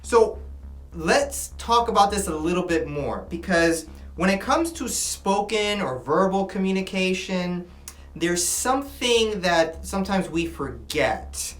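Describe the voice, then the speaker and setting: Man, teacher, classroom lecture, animated, echoey room, faint music behind. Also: high voice, unhurried. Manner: animated, checks in with listeners by asking "right?".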